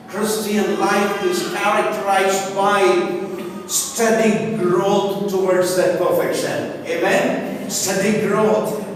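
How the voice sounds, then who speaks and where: A man's voice: sits high, fairly even intonation, takes it slowly. A male pastor preaching a sermon, emphatic and repetitive, talking straight to his congregation. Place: church hall with a congregation. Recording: echoey hall, recorded from far off with background noise.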